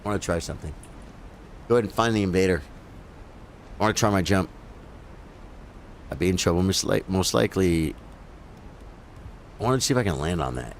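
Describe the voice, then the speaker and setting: A man's voice: deep voice, animated, brisk, long pauses, slight background noise. A man giving casual live commentary as he plays a video game, talking to his viewers as bro and folks. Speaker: gaming streamer.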